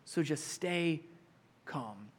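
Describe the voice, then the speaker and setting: A man voicing a calm, commanding male leader who firmly tells a panicked crowd to stay still. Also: on the high side, very slow, pitched below the performer's own voice, heavily acted. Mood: urgent, reassuring. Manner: firm, insistent commands.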